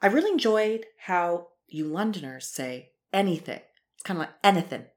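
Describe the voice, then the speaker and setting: Podcast host: woman, low-pitched but very animated, bubbly, laughs easily. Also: moderate pace. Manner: bubbly, expressive, laughs often. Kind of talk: casual chat.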